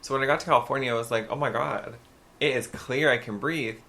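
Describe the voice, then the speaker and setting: Gravelly, bright-voiced man telling stories. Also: mid-range voice, quick pace. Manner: animated, gossipy storyteller with sudden loud outbursts. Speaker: podcast co-host. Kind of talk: casual chat.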